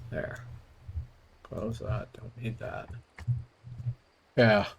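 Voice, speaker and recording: A man's voice: on the low side, level tone, very slow. A middle-aged man casually telling rambling, wry stories while playing a game on a live stream. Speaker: gaming streamer.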